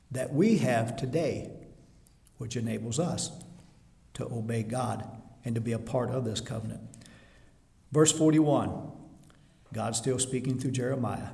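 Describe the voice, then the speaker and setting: A man's voice: mid-range voice, vocal fry. Emphatic male preacher in an echoey hall. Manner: emphatic, builds to louder, slower scripture reading. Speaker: pastor. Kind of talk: sermon. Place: church hall before a seated congregation. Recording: echoey hall with long reverb.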